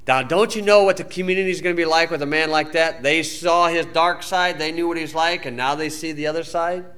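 A man preaching a sermon, telling folksy stories and reading scripture, his voice climbing loud then dropping low. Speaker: pastor.

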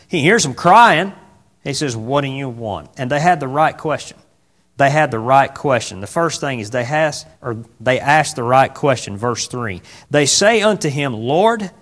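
A man delivers a sermon in a mid-range voice. He talks loosely, with fillers and restarts, then swells into louder, emphatic stretches before settling back into a conversational teaching tone. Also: mid-range voice. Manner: rambling with many fillers, rising to loud emphatic bursts. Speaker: preacher.

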